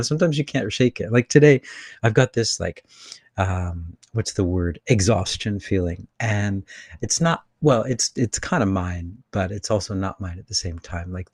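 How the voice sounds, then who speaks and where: Low-voiced man rambling casually. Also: moderate pace, dry recording, studio quality. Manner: rambling, many "you know" fillers, animated bursts. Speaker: spiritual channeler hosting a live session. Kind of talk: casual spiritual talk. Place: his room with air conditioner on.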